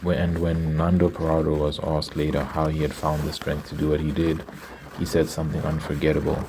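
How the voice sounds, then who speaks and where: An ASMR creator with a bass voice reads a story aloud in a whisper, pausing now and then to react to it. His delivery is completely flat and brisk, and there is noise in the background.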